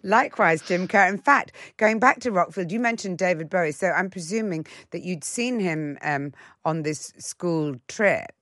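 A woman hosting a casual interview, friendly and quick to laugh. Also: fairly low pitch, expressive, a bit bright, dry recording, clean studio sound. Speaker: interviewer host.

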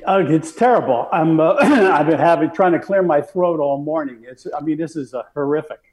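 An older man, a podcast guest, answering hesitantly and clearing his throat. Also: fairly high pitch, normal speed, a little mellow, soft background music.

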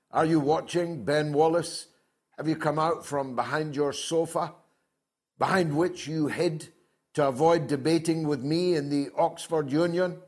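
An older man hosting a call-in show, combative and mocking, reading viewer comments aloud. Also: on the high side. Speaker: host. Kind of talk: opinionated call-in show talk.

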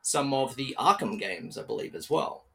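A man's voice: medium pitch, lively intonation, normal speed, vocal fry, bright, forceful tone. A young Australian man hosting a casual podcast interview, upbeat and chatty, with plenty of fillers and restarts. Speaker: podcast host.

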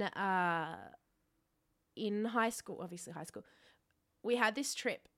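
A young Australian woman with a bright, ringing tone tells a story about herself on a podcast. She mocks herself freely, swears casually, and keeps the chat loose and unscripted. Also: mid-range voice. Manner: self-mocking, laughs often, swears freely. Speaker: podcast co-host.

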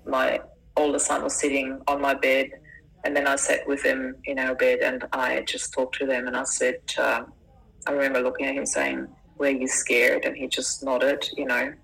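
A middle-aged woman, a life coach, telling a personal story in conversation, earnest and emotional, halting and restarting as she goes. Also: a bass voice, completely flat delivery, vocal fry, a bit bright, poor audio.

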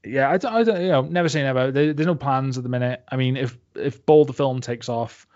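A man's voice: mid-range voice, fairly quick, darkish tone. A man speaking as a guest in a casual interview, rambling with lots of fillers and swearing freely. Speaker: interview guest, comics creator. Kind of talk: casual podcast chat. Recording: dull lo-fi, dry.

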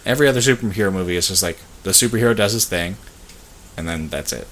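A young man co-hosting a podcast in casual chat, rambling with fillers and swearing, quick to laugh. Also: low-pitched, expressive, a bit bright, a little hiss or hum. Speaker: podcast co-host.

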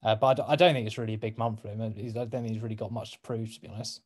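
A man's voice: fairly low pitch, fairly even intonation, very fast. A man guesting on a fan podcast, hesitant with fillers in casual football chat, often trailing off.

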